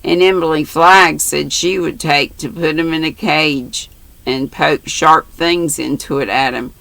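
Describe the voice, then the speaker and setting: A grandmother voicing an earnest, shy and blunt little boy who talks gravely in a storybook reading. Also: deep voice, steady tone, measured pace, fairly bright tone, dry recording, full character voice.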